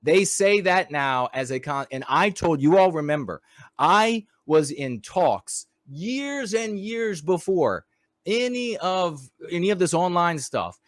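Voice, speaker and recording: A man hosting a commentary show, talking in a heated, mocking monologue that swings into loud outbursts. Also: high-pitched, sing-song, takes it slowly, no echo. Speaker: host.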